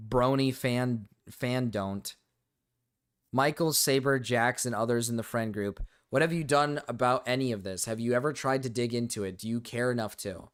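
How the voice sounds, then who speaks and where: A male streamer rants through a live reaction to online drama. He swears freely and often stops to restart his sentences. His voice sits at an ordinary middle pitch. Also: moderate pace, smooth. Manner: heated, profane ranting with frequent restarts.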